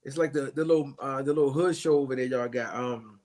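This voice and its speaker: A man, a boxing trainer guest in a casual interview, easygoing and halting, often repeating words. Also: medium pitch, darkish tone.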